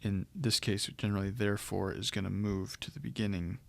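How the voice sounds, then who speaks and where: Male language instructor, gravelly low voice, patient step-by-step lecture delivery. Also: steady tone, brisk, no echo. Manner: explanatory, with frequent ums and restarts. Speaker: Greek grammar teacher. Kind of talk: recorded lecture walkthrough.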